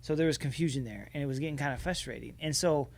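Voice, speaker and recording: A man co-hosting a podcast, casually telling a story with lively, acted-out quotes. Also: mid-range voice, fast, vocal fry. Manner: animated storyteller, acts out quotes loudly. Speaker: podcast co-host. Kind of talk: casual chat.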